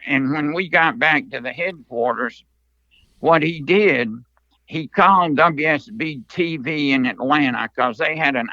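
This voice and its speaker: An older man telling stories from long ago as an interview guest, in a slow, earnest manner. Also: medium pitch, bright, forceful tone, no room sound, highs cut off. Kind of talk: storytelling interview.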